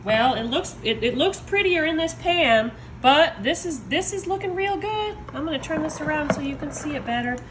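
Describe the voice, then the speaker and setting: A woman, showing desserts in her home kitchen in a chatty, excitable way, talking to viewers. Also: sits high, normal speed, hardly any pauses, slight background noise. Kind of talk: casual cooking video. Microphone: phone.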